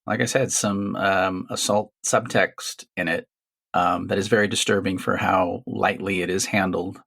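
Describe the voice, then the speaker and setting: A man's voice: sits low, a little slow, creaky. Blunt, swearing man picking apart a film. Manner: blunt and swearing, animated critique. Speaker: podcast co-host. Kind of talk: casual film discussion.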